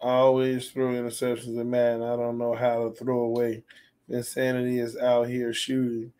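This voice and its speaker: A man with a hoarse, fading voice hosting a casual gaming livestream, excitable and trash-talking as he reads viewer comments aloud. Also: mid-range voice, normal speed. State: hoarse, losing his voice. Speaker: sports channel host.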